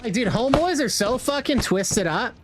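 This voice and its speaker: A man's voice: very high voice, expressive, moderate pace, background noise. A young man streaming a game, chatting casually in a rambling, slangy way with lots of swearing. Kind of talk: casual chat while gaming.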